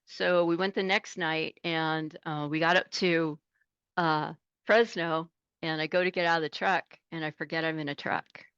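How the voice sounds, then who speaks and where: Woman trucker guest, fifties, lively storyteller who acts out voices; dry, somewhat dull recording. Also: low voice, normal speed, clean tone, no echo. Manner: animated, laughing, acts out voices. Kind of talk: casual interview storytelling.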